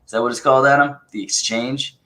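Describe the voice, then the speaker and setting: Bright-voiced man telling stories. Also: medium pitch, fast talker. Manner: storytelling, animated quoting. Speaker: co-host. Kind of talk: casual podcast chat.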